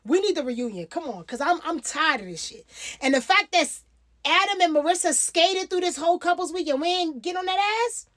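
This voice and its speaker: A high-pitched woman talks straight to her audience, recapping reality TV in a loose, opinionated way. She is blunt and swears freely. She repeats herself for emphasis and drops her voice low and firm when she makes a point. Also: animated, fairly quick, fairly bright tone. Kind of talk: casual opinionated commentary.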